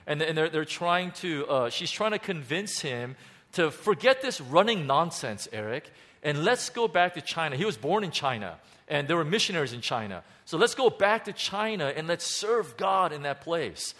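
A man preaching a sermon as pastor, animated and halting, with many restarts and fillers. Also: on the high side.

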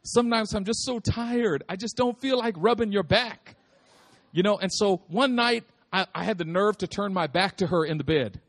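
A man preaching a lively, humorous sermon, repeating phrases for emphasis and calling out to his listeners. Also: high-pitched, normal speed. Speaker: pastor.

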